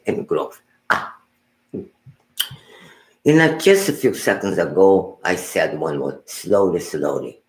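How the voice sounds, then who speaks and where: Deep gravelly Buddhist teacher, slow. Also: male voice, roomy sound, low-quality recording. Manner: unhurried, halting, repeats words and restarts phrases. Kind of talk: meditation teaching talk.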